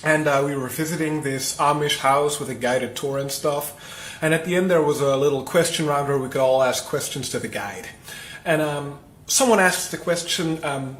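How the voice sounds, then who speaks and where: A man from Europe telling a travel story to camera in a matter-of-fact, unhurried way. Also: animated, a bit bright. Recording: echoey room with faint rumble.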